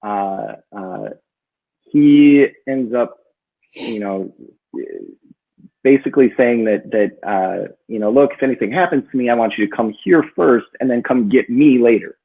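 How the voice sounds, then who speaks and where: A man with a slightly husky voice tells a long personal story in a loose, rambling way, full of fillers and restarts. The sound is thin and phone-like. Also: mid-range voice, a little slow. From northern Minnesota. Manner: rambling, many fillers, lively when quoting himself. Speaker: book club co-host. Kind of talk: casual storytelling chat. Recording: tinny phone-like audio.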